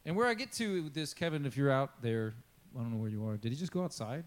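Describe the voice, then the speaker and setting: A man's voice: mid-range voice, expressive, quick pace. A man preaching a casual sermon, talking in a chatty way and acting out quotes with asides to his congregation. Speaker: pastor. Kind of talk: conversational sermon.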